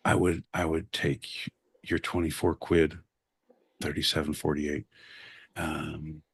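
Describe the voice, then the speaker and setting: A man with a low, husky voice trades jokes on a podcast, swearing freely and rambling from one bit to the next. His delivery is loose, playful and casual. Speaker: podcast co-host. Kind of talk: casual comedic chat.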